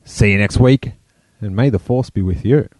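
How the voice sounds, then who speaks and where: A man's voice: on the low side, normal speed. Upbeat man hosting a podcast. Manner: upbeat, laughs often. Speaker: podcast host. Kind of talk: casual chat and show sign-off.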